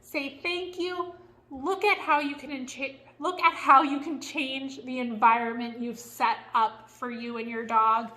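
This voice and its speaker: A woman's voice: sits high, steady tone, measured pace, bright, forceful tone. A woman dog trainer giving a frank, chatty lesson on dog behavior. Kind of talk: instructional video.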